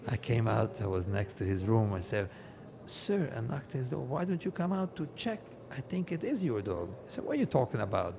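A man's voice: medium pitch, normal speed, gravelly. A man, a rabbi, telling comic stories to a live audience and acting out each character's voice. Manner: animated, acts out every character's voice.

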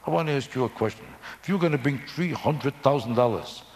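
A man's voice: medium pitch, a little fast, a little hiss or hum. A man doing a stand-up routine, kvetching and ranting with Yiddish words. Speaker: stand-up comedian.

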